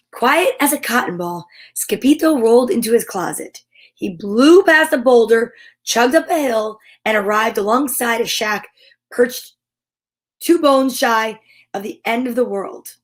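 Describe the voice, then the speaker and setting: A woman reading a children's picture book aloud, with playful, chatty asides to her listeners. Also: on the high side. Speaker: children's story reader.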